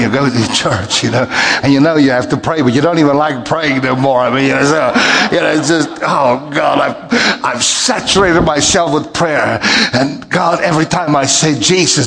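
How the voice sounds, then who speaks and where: A male pastor preaching a sermon, telling a story and acting out the dialogue with big jumps in his voice. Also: long reverb tail. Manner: animated, acts out dialogue with big pitch jumps.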